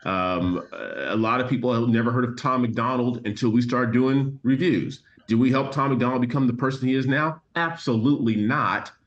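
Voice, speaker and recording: A middle-aged man co-hosting a music reaction channel, reading viewer comments in an earnest, measured way with dry sarcasm. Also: mid-range voice. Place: home, remote from co-host. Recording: muffled lo-fi sound.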